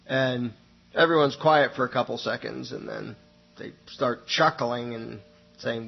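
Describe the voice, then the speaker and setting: A man's voice: medium pitch, steady tone, a little slow, creaky, husky, highs cut off. A man hosting a radio show, telling a folksy parable and acting out its characters. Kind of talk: storytelling monologue.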